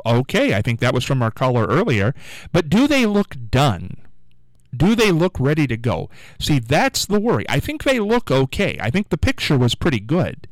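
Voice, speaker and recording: A man's voice: mid-range voice, no echo, rough recording. A man hosting a local call-in radio show, rambling and chatty with lots of fillers. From United States. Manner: rambling, chatty, self-amused, many fillers. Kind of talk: casual call-in radio chat. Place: radio studio.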